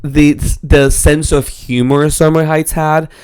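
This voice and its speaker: A man's voice: a little high, little pitch movement, slow, darkish tone, a little hiss or hum. A man co-hosting a podcast, chatting casually with lots of hedging and rambling asides. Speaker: podcast co-host. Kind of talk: casual chat.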